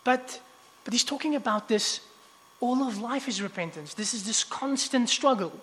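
High-voiced man preaching in an echoing hall. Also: normal speed. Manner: conversational, many restarts, animated asides. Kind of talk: sermon. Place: church hall. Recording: long hall reverb.

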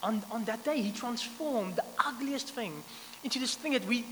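A man's voice: very high-pitched, moderate pace. Man preaching in a reverberant hall. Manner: animated storytelling with many restarts. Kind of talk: sermon. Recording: long reverb, faint background noise.

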